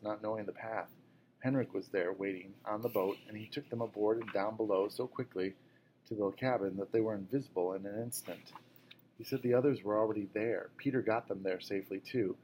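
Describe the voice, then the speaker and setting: A man reading aloud as an injured, tired mother who speaks softly to her daughter. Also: lowish voice, fairly even intonation, a little fast, a little hiss or hum, natural voice, low-quality recording. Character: injured, tired but brave mother, gentle. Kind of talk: audiobook reading.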